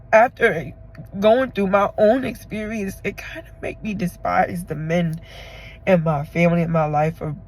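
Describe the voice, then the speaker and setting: A woman's voice: lowish voice, low-quality recording. Tearful woman in a rambling confessional vlog. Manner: rambling, halting, heartfelt. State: tearful from crying. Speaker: vlogger.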